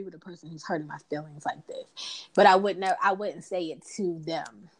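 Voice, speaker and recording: A woman chats casually, lively and expressive as she acts out bits of dialogue. Her voice sits a little low for a woman. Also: normal speed, poor audio. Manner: animated storyteller, acts out dialogue. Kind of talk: casual conversation.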